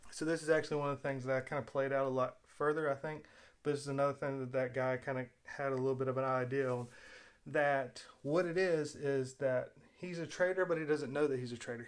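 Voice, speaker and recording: A man of ordinary pitch talks loosely through his own video. He retells events at length, backs up on his words and drops fillers as he goes. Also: fairly even intonation, brisk. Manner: rambling retelling with fillers and restarts. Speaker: video host. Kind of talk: casual spoken commentary.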